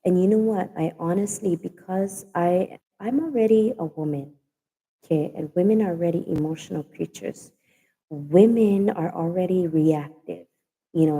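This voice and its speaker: A woman from Hawaii with a Pidgin-tinged accent talks casually to her livestream viewers, going over her points again and again. Her voice sits low and sounds deeply mellow. A long reverb trails behind her words. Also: slightly rough. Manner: chatty, repeats herself for emphasis. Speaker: livestream host. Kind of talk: casual chat.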